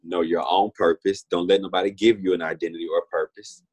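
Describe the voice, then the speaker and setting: Young man in his 20s, deep and a bit raspy, heartfelt testimony guest. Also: flat delivery, a little fast, a little mellow. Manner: earnest, heartfelt, repeats himself often. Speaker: interview guest. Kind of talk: personal testimony in conversation.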